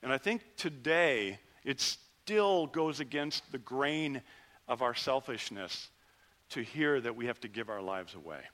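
Bright-voiced male pastor preaching. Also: medium pitch, unhurried. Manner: conversational preaching, animated rises and drops. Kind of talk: sermon.

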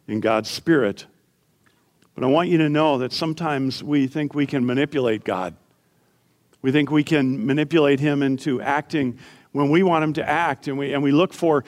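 Middle-aged guy preaching, kinda high voice, earnest, gets loud on the big points then goes quiet for stories. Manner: earnest, rising to emphatic peaks then dropping to soft storytelling. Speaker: pastor. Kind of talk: sermon.

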